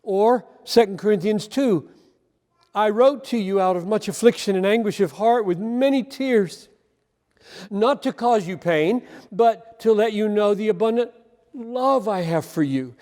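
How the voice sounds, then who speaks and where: A male preacher giving an impassioned, emphatic sermon, swinging between loud emphasis and quiet asides. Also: high voice, unhurried, big-room sound.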